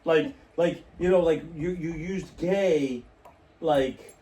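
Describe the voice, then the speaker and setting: A man's voice: fairly high pitch, dark tone, recorded from a distance. Rambling man telling stories, echoey room. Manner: storytelling, rambling, quick restarts and laughs. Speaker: podcast co-host. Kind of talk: casual chat. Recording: echoey room, away from the mic.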